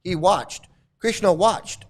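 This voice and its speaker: Speaking slowly in a high voice, a commentary-video host lashes out at his audience with sarcasm and mockery. His rant is repetitive and full of stammering restarts.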